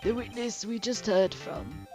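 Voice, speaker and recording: A woman voicing a formal, pompous elderly male judge in a game, speaking in a measured way. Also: fairly high pitch, fairly even intonation, music in the background, voice pushed up, natural voice. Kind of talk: let's play character voice.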